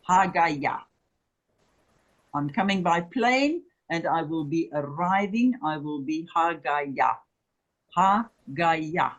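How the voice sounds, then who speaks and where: A husky, breathy voice teaches at an extremely unhurried pace, lingering on every syllable. The teacher drills each word several times over and keeps asking whether the class is following. The delivery is patient and deliberate, like a lesson for beginners. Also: medium pitch, a bit bright, muffled recording. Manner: drills words by slow repetition; patient, checks understanding with "okay?" and "remember". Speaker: Hebrew teacher. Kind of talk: classroom lecture.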